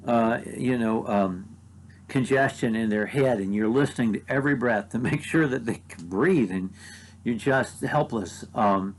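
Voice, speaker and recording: A man with an American accent giving a short devotional talk as a preacher. He reads scripture aloud and reflects on it earnestly, slowing down to stress key phrases and often restarting his sentences. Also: mid-range voice, slight background noise, poor audio. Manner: earnest, with frequent restarts and repeated words.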